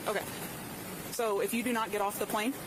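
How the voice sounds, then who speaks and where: A woman airport police officer speaking in a flat, firm and repetitive way inside an aircraft cabin. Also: medium pitch, a little fast. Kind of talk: calm official exchange. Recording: cabin engine noise.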